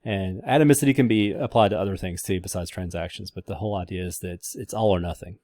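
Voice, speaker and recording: A man's voice: deep voice, quick pace, a little mellow, no room sound, studio quality. A man lecturing a class in a casual, rambling way, with many fillers and restarts.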